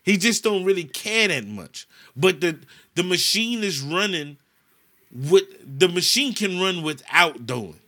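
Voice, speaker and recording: A man's voice: sits high, a little slow. A man from the United States, ranting in a casual chat on a podcast and cursing a lot. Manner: animated ranting, heavy cursing.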